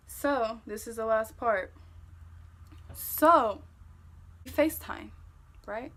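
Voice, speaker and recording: A young woman vlogger telling a story-time tale in casual, profane, animated talk that gets loud when she replays an argument. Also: a little high, slow, long pauses, a little hiss or hum.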